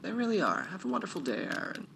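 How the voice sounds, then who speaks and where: A courteous, genial gentleman called Father speaks in a lifted, gracious tone, as a man reads him aloud. He is polite and unhurried, with a touch of gravel under the voice. A steady hiss of background noise sits behind him. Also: high-pitched, voice pushed up, full character voice.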